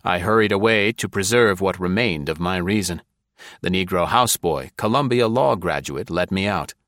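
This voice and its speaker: A man narrating a first-person novel in an audiobook, with an even, measured, dry delivery. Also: low voice, no echo.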